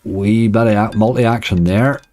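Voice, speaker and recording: A man's voice: lowish voice, steady tone, a little slow, a little mellow, soft background music. A man with a Northern Irish accent giving chatty live-stream commentary on casino games, talking to his chat and groaning at near misses. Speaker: slots streamer.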